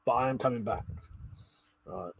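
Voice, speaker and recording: A man's voice: medium pitch, a little fast, vocal fry, breathy edge, dry recording. A drunk man hosting a live stream, rambling casually, swearing a lot and laughing often. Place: indoors at home.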